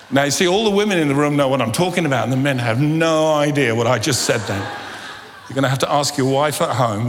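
A middle-aged man gives a humorous sermon in an animated, storytelling manner. He acts out little scenes of dialogue and plays for laughs. His voice sits at an ordinary pitch and carries a long reverb from the hall. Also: quick pace, slight background noise. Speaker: preacher.

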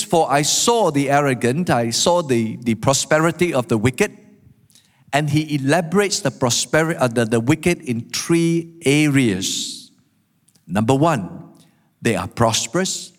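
A man preaching a sermon, animated, acting out the quotes he tells. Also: on the high side, measured pace. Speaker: pastor. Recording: long hall reverb.

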